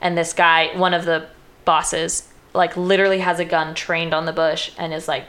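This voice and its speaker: A woman's voice: fairly low pitch, little pitch movement, normal speed, fairly bright tone. A woman casually retelling a film's plot, peppering her speech with "like" and briefly acting out the characters' lines. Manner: chatty, uses lots of "like", acts out quoted lines.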